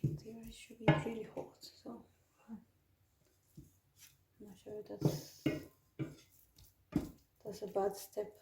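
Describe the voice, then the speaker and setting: A woman's voice: medium pitch, level tone, slow, creaky, pauses often, echoey room, very noisy. A woman, chatting her way through a home cooking tutorial with rambling asides and restarts. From Peru. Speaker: home cook vlogger. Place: home kitchen.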